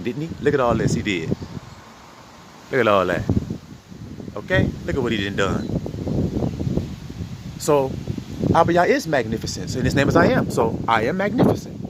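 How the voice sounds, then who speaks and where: A man preaching an informal sermon in an animated, conversational way, often asking his listeners rhetorical questions. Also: on the high side, heavy background noise.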